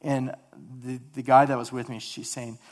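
A man giving an earnest sermon testimony about his mission work, halting and often repeating words as he speaks. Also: medium pitch, level tone.

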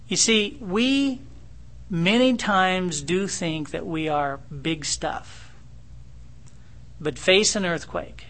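A pastor giving a conversational, animated sermon with a teasing streak. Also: male voice, a little high, vocal fry.

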